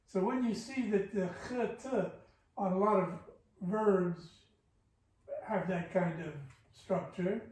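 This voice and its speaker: A man with a fairly high voice walks slowly through the meter of a poem, breaking words into long and short beats. He sits some way from the mic, and his voice rings around a very echoey room. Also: a little mellow, far from the mic. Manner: slow, careful scansion, sounding out syllables. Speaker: teacher of classical Persian poetry. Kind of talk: explaining poetic meter.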